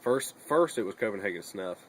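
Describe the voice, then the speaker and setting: A man's voice: on the low side, expressive, a little fast, a bit bright, a little hiss or hum, low-quality recording. A young man chatting casually in a bedroom vlog, rambling and swearing a lot between fillers. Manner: rambling and profane, with many fillers.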